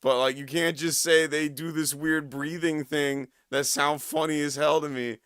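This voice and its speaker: Hoarse, smooth-voiced man ranting. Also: fairly high pitch, fairly even intonation, moderate pace, fairly bright tone, dry recording, studio quality. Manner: profane, laughing, ranting. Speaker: streamer reacting to a video. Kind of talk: casual livestream reaction commentary.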